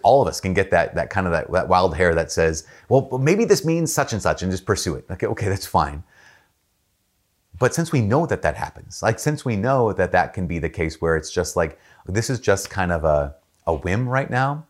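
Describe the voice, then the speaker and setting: A man speaking as a Catholic priest in a casual faith talk, telling stories in a chatty way and raising his voice to act out the people he quotes. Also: normal speed. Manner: storytelling, jumps up in pitch to act out quoted people; relaxed, chatty, with frequent fillers and restarts.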